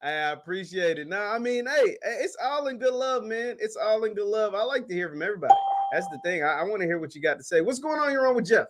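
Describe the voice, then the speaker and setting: A man's voice: high voice, lively intonation, quick pace, noisy background. A man hosting a call-in show, chatting casually and affirming his callers with short replies. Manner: brief, affirming interjections to callers.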